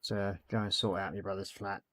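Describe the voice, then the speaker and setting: Low-voiced man hosting a stream, chatty and quick to laugh, dry close sound. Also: flat delivery, fairly bright tone, no echo. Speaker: streamer host. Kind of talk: casual chat.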